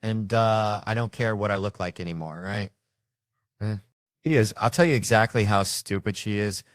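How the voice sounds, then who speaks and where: A man's voice: fairly low pitch, normal speed, no echo. A middle-aged man doing a stand-up comedy set, telling brash, profane family stories and acting out the quotes.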